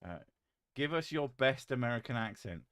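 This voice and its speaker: A British man chatting casually on a live stream, reading chat aloud with a joking, deadpan manner and casual swearing. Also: mid-range voice, normal speed, clean tone, dry recording, studio quality.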